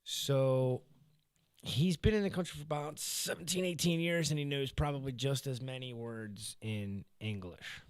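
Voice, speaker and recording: A man hosting a podcast, telling a work story in casual chat, swearing freely and getting loud when he mimics coworkers. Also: medium pitch, normal speed, clean tone, dry recording, clean studio sound. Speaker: podcast host. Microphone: studio podcast mic.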